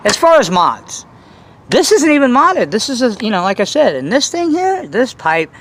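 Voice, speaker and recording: A man talking to camera about his hobby in a casual, boastful, rambling way, full of restarts and excitement. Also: extremely high pitch, moderate pace, a little hiss or hum. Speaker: RC nitro hobbyist vlogger.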